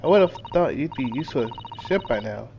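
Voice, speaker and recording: A man's voice: medium pitch, expressive, brisk, vocal fry, lo-fi sound, a little hiss or hum. A man reading the lines of a polite young female assistant from a game in his plain voice. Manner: reads game text aloud in a plain voice. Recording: game music playing behind.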